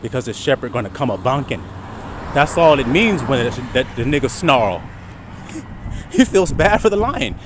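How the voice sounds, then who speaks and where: A man preaches outdoors, his voice rising and falling in a lively way as he keeps asking his listeners questions. Traffic noise from the street runs clearly under the recording. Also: mid-range voice, moderate pace. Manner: preachy, full of rhetorical questions. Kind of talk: street-side sermon.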